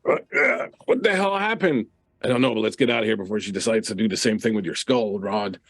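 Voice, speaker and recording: A man's voice: fairly low pitch, lively intonation, quick pace, gravelly, a bit bright, dry recording, full character voice. A man voicing crude drunken tavern louts who whine and cringe once they get hurt. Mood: panicked.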